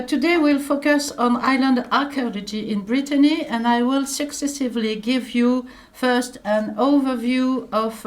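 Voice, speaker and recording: A middle-aged French-accented woman delivers a conference lecture in her second language. Her voice sits slightly high, and she moves carefully from phrase to phrase, with frequent hesitant pauses and fillers. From France. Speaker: archaeologist giving a conference talk.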